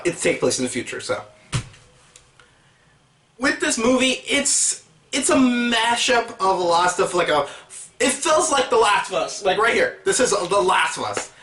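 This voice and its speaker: High-voiced man rambling a movie review. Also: fairly bright tone, reverberant, recorded from a distance. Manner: rambling, hesitant, many fillers and restarts. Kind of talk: casual video review.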